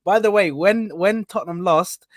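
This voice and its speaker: A man with a high voice, bantering loosely with the panel and laughing often. His voice sounds dry and close, with no room around it. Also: normal speed, no room sound. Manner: laughs often, says "bro" a lot. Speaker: panel guest. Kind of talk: casual banter.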